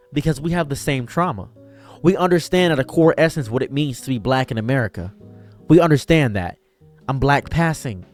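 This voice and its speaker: A man delivering an impassioned commentary monologue, emphatic and swinging from raised outbursts to quiet, low lines. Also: lively intonation, a little fast, faint music behind. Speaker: online commentator and streamer.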